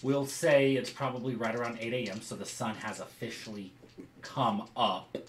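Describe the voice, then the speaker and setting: A man narrating as game master of a tabletop game, describing scenes haltingly with many fillers. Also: medium pitch, steady tone, roomy sound, a little hiss or hum.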